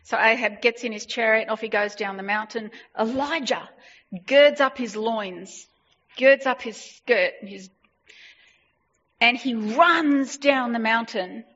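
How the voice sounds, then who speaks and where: A woman preaching a sermon, retelling a story with animated emphasis and repeated phrases. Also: on the high side, slow pace. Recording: dull lo-fi sound.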